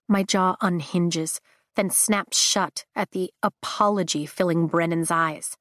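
Steady, low-voiced woman narrating a story. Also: slow pace, no echo, studio quality. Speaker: audiobook narrator. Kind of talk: first-person scripted narration.

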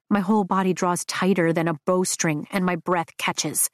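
A woman reading first-person romance narration in an intimate, expressive way. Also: lowish voice, moderate pace, hardly any pauses, no room sound, studio quality. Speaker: audiobook narrator.

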